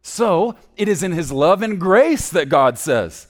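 Male pastor preaching; lively, slightly higher voice, big swings from loud to hushed. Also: unhurried, few pauses. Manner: animated preaching, swings between loud emphasis and hushed low asides. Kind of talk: sermon.

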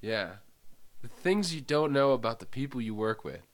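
A man co-hosting a podcast, joking casually and tossing out quick punchlines. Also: medium pitch, big pitch swings. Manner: playful, quick punchline jokes. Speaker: podcast co-host. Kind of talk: casual comedic riffing.

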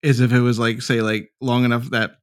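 A man's voice: medium pitch, level tone, fairly quick. Young man, podcast co-host, laughs a lot, self-mocking, casual chat. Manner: laughs often, self-mocking, acts out quoted voices.

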